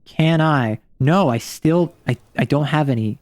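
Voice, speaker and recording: A man's voice: measured pace, darkish tone, no echo. Chatty streamer guy, dry close mic. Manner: rambling, thinking aloud, jumpy pitch. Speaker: vtuber streamer. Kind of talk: casual livestream commentary while playing.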